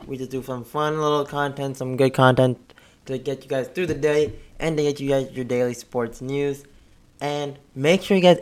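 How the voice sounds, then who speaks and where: A man hosting a casual sports podcast, upbeat and chatty, with a slightly hoarse voice. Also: on the high side. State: a bit hoarse. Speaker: podcast host.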